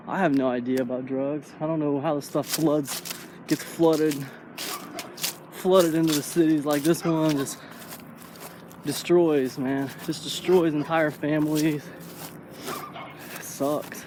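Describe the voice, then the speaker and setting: A man's voice: on the high side, steady tone, slow pace, long pauses. Rambling man vlogging on a walk. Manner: rambling, says "man" a lot. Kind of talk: casual walking vlog monologue. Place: outdoors on a neighborhood street. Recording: noisy outdoor street recording.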